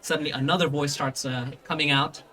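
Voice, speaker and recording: A man's voice: fairly high pitch, steady tone, a little fast, bright, forceful tone. A man narrating a tabletop game as game master, rambling with lots of fillers and restarts.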